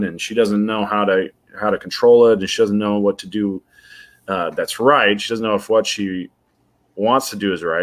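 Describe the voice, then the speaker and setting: A man with a lowish voice co-hosting a casual movie podcast. He cracks dry, deadpan jokes and works through his points haltingly, with many pauses. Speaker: podcast co-host. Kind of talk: casual chat.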